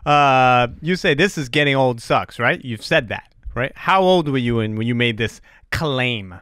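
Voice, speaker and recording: Bright-voiced profane man in his forties. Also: medium pitch, unhurried, no echo, clean studio sound. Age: 40s. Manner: profane, animated ranting with frequent laughs. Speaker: podcast host. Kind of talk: casual podcast chat.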